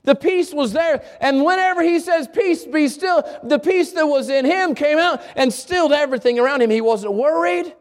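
A middle-aged pastor preaching a sermon, telling a personal story and then reading scripture, rising to shouts for emphasis. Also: male voice, extremely high pitch, moderate pace, hardly any pauses.

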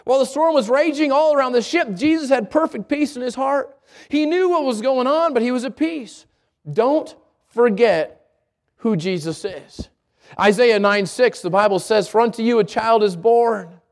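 A middle-aged pastor preaching a sermon, telling a personal story and then reading scripture, rising to shouts for emphasis. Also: male voice, very high voice, moderate pace.

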